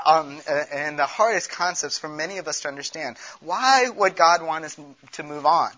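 Man preaching, bright voice, muffled sound. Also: on the high side, animated, normal speed. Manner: earnest, conversational preaching with rhetorical questions. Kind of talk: sermon.

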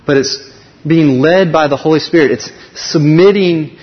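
A man speaking at a conference, telling a personal faith story with lively acted dialogue and frequent restarts. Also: a little high, measured pace. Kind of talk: personal testimony talk. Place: large conference hall. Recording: dull recording in a reverberant hall.

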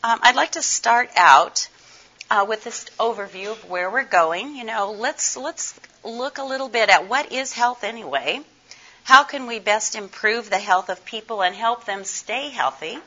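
An older woman speaks to a conference audience in a bright, forward voice, hoarse and scratchy from laryngitis. She is chatty and folksy and puts questions to the room. The recording is dull and lo-fi. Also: fairly high pitch, expressive, unhurried. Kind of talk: conference presentation.

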